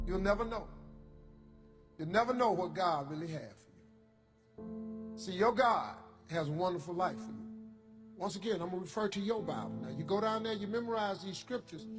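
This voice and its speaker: A man delivers a motivational speech with a preacher's fervent, colloquial cadence. His voice sits high and rings through a reverberant hall. Music plays underneath. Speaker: motivational speaker.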